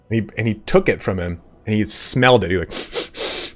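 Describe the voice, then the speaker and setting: A young man, a gaming streamer, telling a story in casual chat, animated and swearing often. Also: mid-range voice, a little fast, soft background music.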